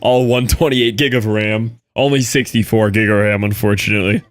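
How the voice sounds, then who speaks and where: A man livestreaming and chatting with viewers, excitable and laughing often, with quick asides to chat. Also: on the low side. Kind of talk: live stream chatter reading chat.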